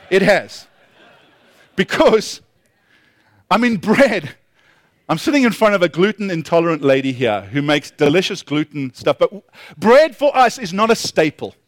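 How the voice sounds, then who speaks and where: A man's voice: sits high, dry recording, clean studio sound. A middle-aged man giving a conversational sermon as a pastor, humorous and self-deprecating, with frequent restarts and repeated words.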